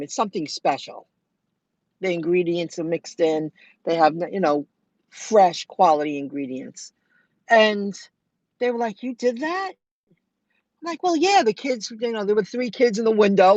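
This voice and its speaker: A middle-aged woman telling viewers about her delivery rounds in a chatty, animated way, acting out what people said. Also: mid-range voice, no room sound, lo-fi sound. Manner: chatty, animated retelling with quoted dialogue. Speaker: food delivery driver vlogger. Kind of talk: casual storytelling to viewers.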